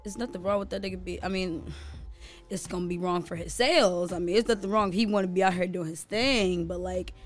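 A woman's voice: fairly low pitch, brisk, soft background music. A woman in casual chat, reacting bluntly and cursing freely.

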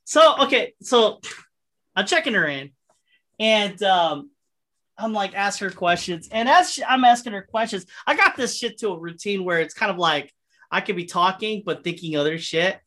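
A man's voice: high voice, animated, moderate pace, sharp tone. A man in casual podcast chat, telling a rambling, profane anecdote and acting out the people in it. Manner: rambling, profane, acts out voices in his anecdotes.

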